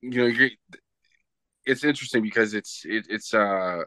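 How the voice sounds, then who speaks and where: A man's voice: on the low side, moderate pace, sharp tone, dry recording. A man from Canada, a wrestler being interviewed, telling a story in a rambling, casual way with many restarts. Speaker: professional wrestler, guest.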